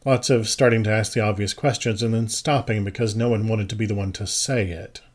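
A man reading the part of an exhausted but hard-edged woman neighbor, speaking quietly and haltingly in an audiobook. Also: fairly low pitch, steady tone, close to an everyday voice. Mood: weary. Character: weary, tough-minded woman neighbor guarding sleepers.

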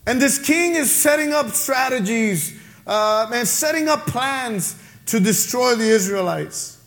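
Very high-voiced male pastor preaching. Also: animated, measured pace. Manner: emphatic preaching, rising to shouts on key phrases; conversational asides to the congregation. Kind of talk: sermon.

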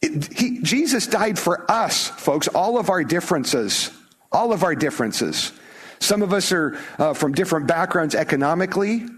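This middle-aged American pastor's voice is slightly high, expressive, fairly bright, and husky, moving at a moderate pace. Preaching in a conversational but emphatic style, he keeps restarting phrases.

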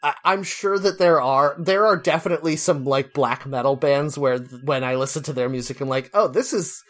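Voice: medium pitch, steady tone, brisk, fairly bright tone. Ranting, swearing podcast co-host. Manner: ranting, swearing, breaks into laughter. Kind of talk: casual comedic chat.

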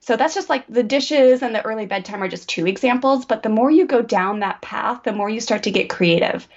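A woman's voice: a little high, a little fast. Woman parenting coach on a muffled line. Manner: animated, acts out lines to children. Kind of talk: explaining advice in conversation.

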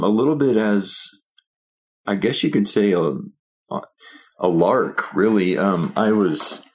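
A man from Oklahoma answering interview questions as a guest. His voice sits very low. He speaks hesitantly, with many fillers, as he searches for words. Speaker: interview guest, songwriter and filmmaker.

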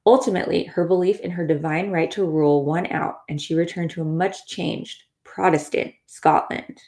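A woman with a somewhat low voice narrates history in a relaxed scripted way. Her delivery leans wry, with sarcastic asides woven into the storytelling. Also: moderate pace. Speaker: history podcast host.

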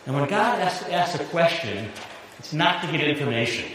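A man preaches a lively sermon, his pitch leaping around as he laughs at his own jokes. His somewhat high voice rings through a large hall with long reverb and faint hiss. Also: moderate pace. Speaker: pastor.

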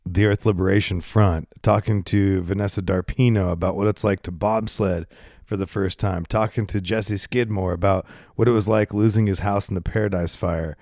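A man's voice: sits low, fairly even intonation, moderate pace, a little mellow, no echo, studio quality. Congested man rambling into a handheld mic. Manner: rambling, candid and self-deprecating. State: congested, coughing and burping. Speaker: podcast host. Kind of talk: casual solo podcast monologue. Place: home garage. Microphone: handheld microphone.

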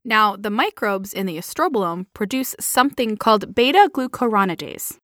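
A woman's voice: medium pitch, lively intonation, moderate pace, a bit bright, dry recording, clean studio sound. A woman co-hosting a playful health podcast, explaining science and laughing often. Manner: giggly, explains science with jokes. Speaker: podcast co-host.

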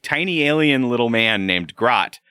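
A man's voice: mid-range voice, lively intonation, normal speed, sharp tone, clean tone, dry recording, clean studio sound. A man co-hosting a podcast in loose casual chat, laughing often and swearing freely. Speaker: podcast co-host.

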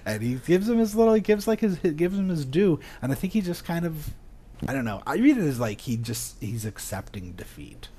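A man's voice: a little high, very animated, a little fast, warm tone, husky. A man casually discussing a film as podcast co-host, laid-back and laughing often.

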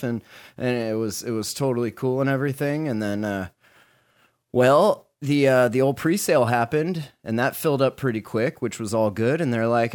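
A man's voice: medium pitch, moderate pace. A man hosting a casual podcast, rambling and joking with frequent restarts and some swearing. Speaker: podcast host.

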